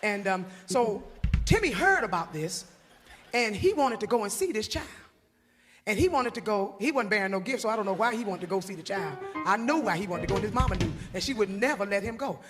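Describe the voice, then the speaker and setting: A woman spins a comedy story at a brisk clip, chatty and folksy, doubling back on her words. She sits in a mid range for her voice. A long reverb trails behind her. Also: medium pitch, lively intonation, faint music behind. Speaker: gospel singer doing stand-up. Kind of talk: comic storytelling.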